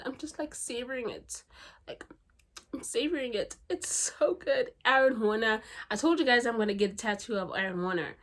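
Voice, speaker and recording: A woman, a book vlogger, chatting casually and gushingly about her favorite romance novels, with many fillers. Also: a little high. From South Africa. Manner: gushing, chatty, lots of "like" and "legit". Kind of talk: casual book review vlog.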